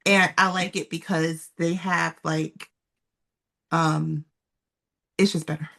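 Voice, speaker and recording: A woman's voice: low-pitched, little pitch movement, slow, gravelly, sharp tone. Woman co-host, casual chatter, easy laughs, loose with fillers. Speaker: podcast co-host. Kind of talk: casual chat.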